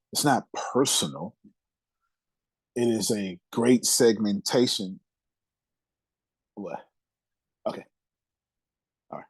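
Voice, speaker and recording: A man hosting a lively group talk, emphatic and animated, repeating his points and laughing often. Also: lowish voice, slightly rough, no echo, low-quality recording. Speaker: host and coach.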